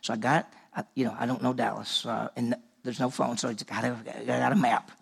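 A man's voice: medium pitch, little pitch movement, brisk, gravelly, slightly rough. A man preaching to a room, telling a personal story and acting out the dialogue, originally from Mississippi. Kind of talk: sermon storytelling. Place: large room with audience.

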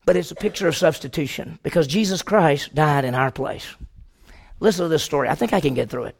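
A man preaching a sermon to a congregation, telling a story dramatically, moving from loud questions to hushed, slow passages. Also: fairly high pitch. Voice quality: gravelly.

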